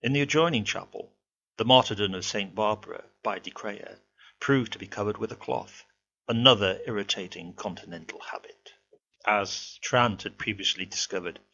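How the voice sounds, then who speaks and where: A man narrating a ghost story in a measured, expressive way, in a dull lo-fi home recording with a faint hum. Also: fairly low pitch.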